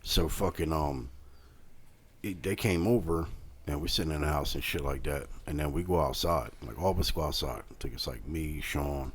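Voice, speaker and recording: A man in his thirties co-hosting a podcast, telling stories in a casual, animated way and swearing a lot. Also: extremely low pitch, moderate pace, slightly rough. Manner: animated, swears a lot, loud when retelling. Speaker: podcast co-host. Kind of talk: casual storytelling chat.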